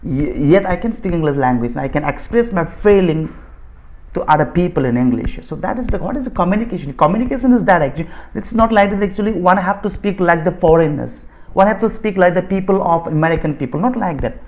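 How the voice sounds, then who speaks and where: With a high voice, lively intonation, a quick pace and a slightly mellow quality, an Indian-accented Bodo speaker from Assam lectures on spoken English. He explains insistently and repetitively, frequently rephrasing and restarting.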